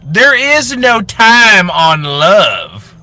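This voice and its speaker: A man voicing a giddy, lovestruck woman who announces her relationship online in a gushing, drawn-out way. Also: sits high, huge pitch swings, pushed and bright, slight background noise, pitched above the performer's own voice, full character voice. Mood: dramatic.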